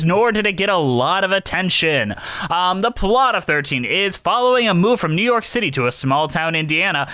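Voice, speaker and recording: A man's voice: high voice, pushed and bright, no room sound. A man hosting a casual podcast chat, joking and leading the talk. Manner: joking, quick-witted, leads the talk. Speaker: podcast host.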